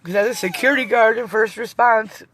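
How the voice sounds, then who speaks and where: Chatting on a live stream from her van, a middle-aged vlogger talks a little fast in a fairly high, somewhat bright voice. Her talk rambles, grows emotional and occasionally teary, and includes some swearing. A little hiss or hum runs under the recording.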